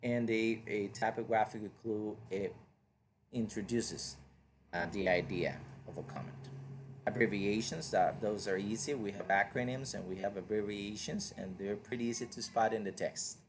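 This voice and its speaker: A man's voice: lowish voice, normal speed, slight background noise. A man whose first language is Spanish, teaching an online English reading lesson in a patient, explanatory way and asking the listener questions. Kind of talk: online lecture.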